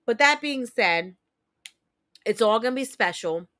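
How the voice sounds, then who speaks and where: Woman host in her thirties, casual stream chat, heartfelt and blunt, a little higher-pitched, thick accent. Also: animated, measured pace, sharp tone. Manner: candid, emotional, repetitive storytelling with mild swearing.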